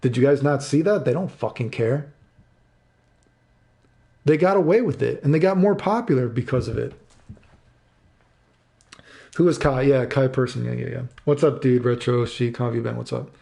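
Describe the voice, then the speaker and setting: A man's voice: mid-range voice, normal speed, creaky, pauses often, warm tone. A man in his thirties streaming live, ranting angrily and swearing, repeating himself and answering chat. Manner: angry, profane, repeats himself.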